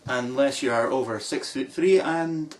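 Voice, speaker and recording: A man's voice: mid-range voice, a little slow. A Scottish man mocking a critic in a sarcastic response video, drawing out his put-downs. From Scotland. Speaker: video blogger replying to a critic. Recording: distant mic with faint background noise.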